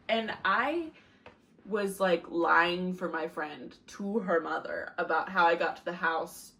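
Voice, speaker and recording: A woman's voice: lowish voice, a little slow, a bit bright, a little hiss or hum. A drunk young woman from the United States chatting casually in a vlog, rambling, swearing and laughing at herself. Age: young adult. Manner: rambling, laughing, crude and self-mocking. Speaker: vlogger.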